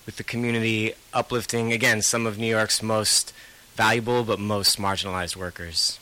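A man speaking as a guest from a recycling center, making an earnest, inviting pitch. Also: flat delivery, moderate pace, bright, forceful tone, low-quality recording. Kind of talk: community outreach pitch.

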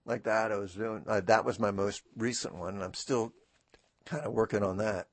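A man's voice: fairly low pitch, steady tone, normal speed, dry recording. A man hosting a radio talk show in a studio, rambling in a chatty, self-deprecating way with many fillers and restarts. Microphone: studio microphone.

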